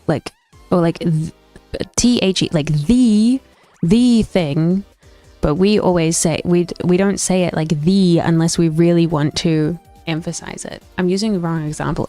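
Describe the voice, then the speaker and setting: A young woman gaming streamer chats casually with her viewers, her voice mellow and on the low side. She reacts to stream chat with strong opinions, thinking aloud and often restarting her sentences, while faint stream music plays behind her.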